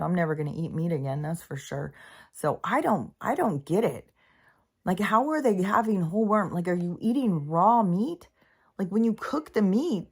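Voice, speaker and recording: A middle-aged woman vlogging about spirituality in a meandering, casual monologue, full of fillers and swearing. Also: on the low side.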